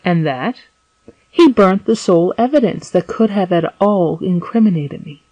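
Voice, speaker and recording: An earnest young sailor, locked up and eager to work out who betrayed him, as a woman reader voices him. The voice is lowish and dry, recorded close with no echo. It stays near the reader's own voice, read as a storybook. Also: lively intonation, normal speed, mellow. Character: young male sailor, wronged and earnest prisoner.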